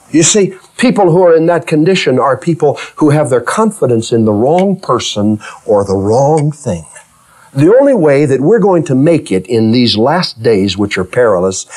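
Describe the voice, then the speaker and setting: A man preaching a sermon, reading scripture and acting out its figures in everyday speech, moving from hushed low passages to loud, high exclamations.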